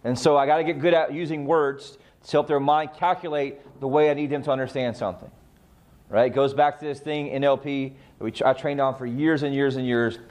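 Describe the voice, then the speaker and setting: A man's voice: medium pitch, steady tone, fairly quick, darkish tone. A man coaching real estate agents on client communication, emphatic and full of rhetorical questions he answers himself. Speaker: sales trainer.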